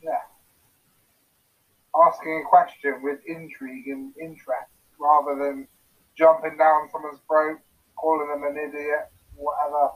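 A man's voice: on the high side, level tone, a little slow. A man hosting a casual interview, who talks loosely and searches for words with many likes and ums. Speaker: podcast host. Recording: tinny phone-like line.

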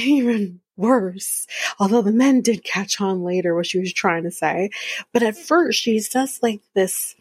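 A woman recaps a reality show on her podcast, blunt and exasperated, and she swears as she goes. Her voice has a gravelly, husky edge. She is recorded close up in a dry, dead room. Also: mid-range voice, no room sound. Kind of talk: casual recap commentary.

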